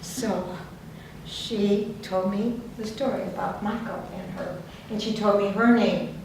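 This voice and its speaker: Animated woman storyteller in echoey room. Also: mid-range voice, slow pace, vocal fry. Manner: lively storyteller, acts out quoted voices, laughs often. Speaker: workshop leader. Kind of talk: personal storytelling at a workshop. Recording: very echoey room, distant mic, faint noise.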